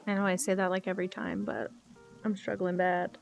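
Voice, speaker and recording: This young gaming streamer has a gravelly, medium-pitched voice with a level tone and a fairly quick pace. She rambles candidly, thinking aloud and responding to her chat while faint guitar music plays behind her.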